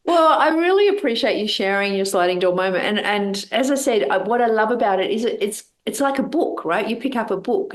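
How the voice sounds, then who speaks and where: Woman podcast host, animated storyteller, mid-range voice. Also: medium pitch, roomy sound. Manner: animated storyteller, acts out her own past thoughts. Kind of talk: interview chat.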